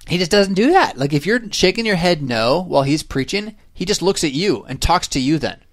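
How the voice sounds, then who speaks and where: A man's voice: on the high side, animated, brisk, no echo, studio quality. A man hosting a podcast, walking through a Bible passage in a casual, conversational way, full of fillers and tag questions like "right?". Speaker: podcast host teaching scripture. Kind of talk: casual Bible study chat.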